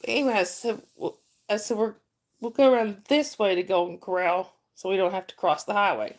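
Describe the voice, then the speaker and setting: Southern gal hosting a live chat, gravelly bit of fry in her voice, laughs a lot and says hi to folks by name. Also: mid-range voice, a little fast. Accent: Southern American. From Southern US, North Georgia. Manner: chatty, laughs often, greets viewers by name. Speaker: livestream host. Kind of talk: casual live-chat stream.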